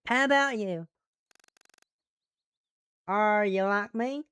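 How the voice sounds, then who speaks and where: A woman's voice: mid-range voice, takes it slowly, a bit bright, smooth, dry recording, pitched above the performer's own voice. Woman putting on a folksy Southern neighbour. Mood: friendly. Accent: Southern US, put on. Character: friendly chatty Southern adult woman. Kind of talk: voice-acting a visual novel.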